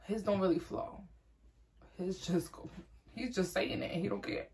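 A young woman from Rhode Island chats casually while reacting to songs. Her delivery is slangy and rambling, full of restarts. Her pitch sits in a middle range. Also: a little slow, creaky, darkish tone. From Rhode Island, USA. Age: young adult. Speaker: music reaction host. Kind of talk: casual chat.

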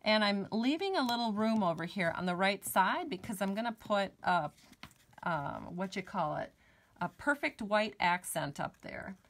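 A woman's voice: medium pitch, lively intonation, moderate pace, fairly bright tone. A woman hosting a live stamping and card-making demonstration at her crafting table. She talks in a chatty way and gushes over her work.

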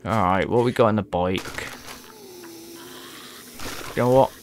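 A man's voice: fairly low pitch, a little slow, a little hiss or hum. A young man giving let's-play commentary to his viewers, frustrated and swearing often. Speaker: gaming video creator.

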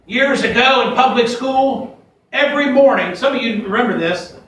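At a moderate pace and in a very high, somewhat bright voice, a man preaches fiercely to his congregation, folksy and emphatic while citing scripture. The sound is distant and echoey, recorded in a church sanctuary.

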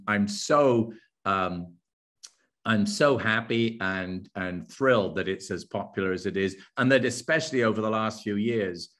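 Man, London English accent, fairly low voice, conversational interview, frequent restarts. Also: fairly bright tone. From England. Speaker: actor guest. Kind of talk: interview chat.

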